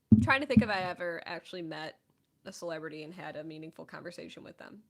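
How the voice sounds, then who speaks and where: A woman in her thirties hosting a casual chat stream, telling stories in an animated, chatty way. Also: on the low side, fairly quick, gravelly. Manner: chatty, animated storytelling with laughs.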